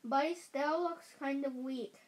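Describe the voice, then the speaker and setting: Earnest young boy, read by a woman, eager and caring, high voice, slow.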